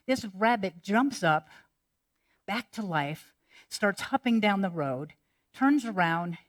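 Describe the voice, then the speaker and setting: A woman pastor giving a sermon, measured and reflective, turning playful when she tells jokes. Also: mid-range voice.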